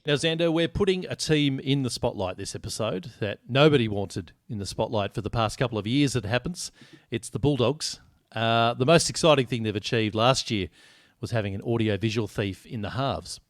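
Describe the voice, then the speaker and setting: A man's voice: medium pitch, normal speed, dry recording, studio quality. A man co-hosting a casual sports podcast, blunt and joking, swearing freely. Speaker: podcast co-host.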